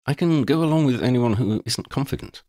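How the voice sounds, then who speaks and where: A man's voice: mid-range voice, lively intonation, fairly quick, warm tone, dry recording, clean studio sound, voice pushed up, close to an everyday voice. A man voicing a precise courteous young wizard.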